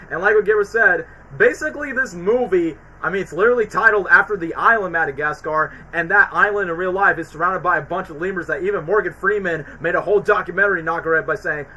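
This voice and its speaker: A man with a high, bright voice talks on a casual livestream. He rambles eagerly in loose, slangy sentences, piling one thought onto the next. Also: a little fast, rough recording. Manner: rambling, excited, slangy retelling. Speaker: streamer reviewing movies.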